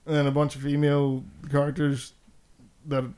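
A man on a podcast with a slightly high voice, ranting in casual chat. He swears constantly and laughs between his grievances. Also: monotone, moderate pace, warm tone. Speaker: podcast host.

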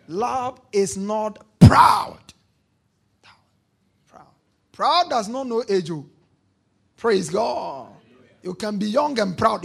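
A male pastor preaching a sermon, repeating key lines, prompting the congregation to answer and bursting into shouts on key points. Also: sits high, creaky, slightly rough.

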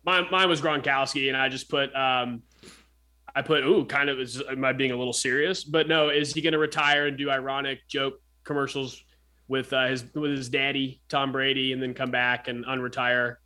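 A man co-hosting a sports podcast talks in a loose, rambling way, full of fillers and jokes. His voice is bright and forceful, at an ordinary pitch for a man. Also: flat delivery, moderate pace. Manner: rambling, joking, lots of fillers and restarts. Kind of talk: casual sports chat.

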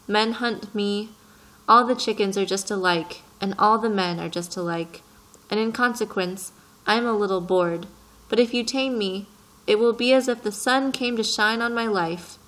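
A woman voicing a wise, patient male fox in a storybook, reading in a gentle, earnest way. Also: mid-range voice, close to an everyday voice, low-quality recording.

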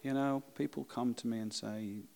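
A man preaching a sermon and leading a congregation in quiet prayer. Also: mid-range voice, fairly even intonation, normal speed, creaky, big-room sound. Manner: reads a story aloud, then speaks softly and prayerfully. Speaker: pastor.

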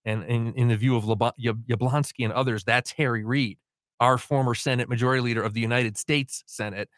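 A man's voice: medium pitch, fairly even intonation, a little fast, fairly bright tone, no room sound. Brief: male co-host, mid voice, dry studio sound, easy conversational delivery. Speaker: radio co-host. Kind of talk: casual talk radio chat. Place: radio studio.

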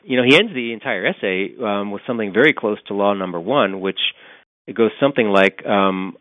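A man's voice: on the low side, brisk, dry recording. A middle-aged man answering interview questions thoughtfully, with many fillers and restarts. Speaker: author and guest. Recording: dry phone-like line.

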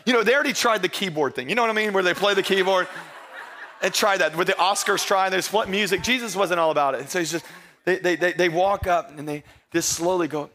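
A high-pitched, bright man preaching a playful sermon, acting out the scene with comic asides. His voice is tense and forceful, and he often speeds up into laughter-filled delivery. A faint hum of noise sits underneath. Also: quick pace. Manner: playful storytelling, acts out disciples in low hushed voices. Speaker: pastor. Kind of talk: humorous sermon.

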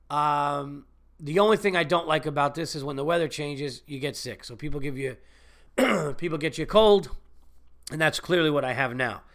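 A man's voice: on the high side, fairly bright tone. A man with a cold hosting his own podcast, talking in a rambling, profane, chatty way. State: sick with a cold. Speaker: podcast host and comedian. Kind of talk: casual solo podcast monologue.

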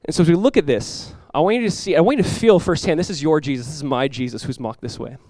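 A young man preaching a sermon as a pastor, telling stories in a casual, animated way with many asides. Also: fairly high pitch, fast, no echo.

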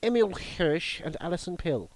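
A man bantering on a comedy podcast, jokey and quick to break into silly voices. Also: high voice, animated, dry recording. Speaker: podcast co-host.

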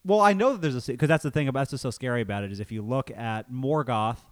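A man co-hosting a podcast, joking and teasing in casual banter. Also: mid-range voice. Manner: fast, joking, playfully mocking. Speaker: podcast co-host.

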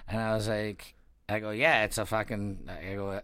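A man's voice: on the low side, little pitch movement, moderate pace, a bit bright, no room sound. A man casually telling a long anecdote in a rambling, profane way, with lots of fillers. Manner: rambling, profane, acts out quoted voices. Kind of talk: casual storytelling chat.

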